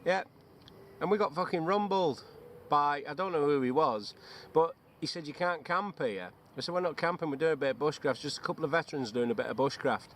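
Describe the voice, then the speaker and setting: A man's voice: a little fast, a bit bright, a little hiss or hum. A man with a Runcorn accent, a veteran joking and swearing freely in casual banter outdoors in the woods. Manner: joking, swears freely, bursts into high silly chants. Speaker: bushcraft veteran. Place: outdoors in woodland.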